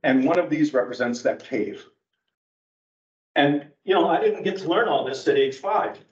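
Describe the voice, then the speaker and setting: A man's voice: a little high, normal speed. A man giving a rambling, digressive talk as a guest speaker at an adult education class. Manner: rambling, digressive, animated storyteller. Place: church meeting room. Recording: roomy, distant, dull church hall recording.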